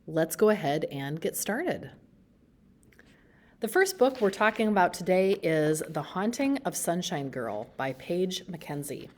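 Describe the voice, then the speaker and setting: A woman who works as a school librarian gives a book talk presentation, explaining each book in a friendly way with pauses. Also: on the low side, big pitch swings, slight background noise.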